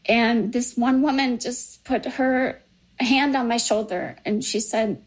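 A middle-aged woman slowly recounting a personal memory, halting and emotional. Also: a little high, poor audio. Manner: slow, halting, emotional recollection. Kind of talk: personal storytelling.

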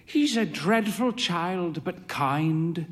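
A man voicing a frail, proud, theatrical old woman with a high, fluttery manner. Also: expressive, drawn-out words, full character voice. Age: older. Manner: high, fluttery, grandly dramatic. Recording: long hall reverb.

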